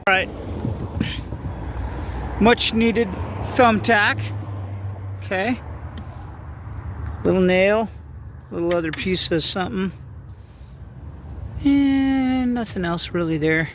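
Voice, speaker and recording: A man casually narrating an outdoor vlog by a lake, upbeat and rambling, with plenty of fillers and excited exclamations. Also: sits high, takes it slowly, pauses often, slight background noise. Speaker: vlogger.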